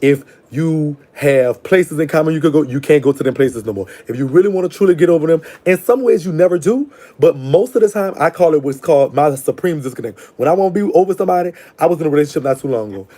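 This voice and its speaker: A man's voice: a little high, expressive, fast talker, few pauses. A man hosting a live call-in show, giving blunt, slangy advice. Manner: blunt, slangy, talks back to callers warmly. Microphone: live stream call-in setup.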